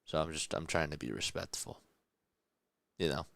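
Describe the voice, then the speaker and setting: A young man calls a ballgame in a hushed, calm radio style, reading chat between pitches. His voice is deep and gravelly yet smooth. The sound is dry and close to the mic. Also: moderate pace, no echo. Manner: reads chat messages aloud between pitches. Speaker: play-by-play host.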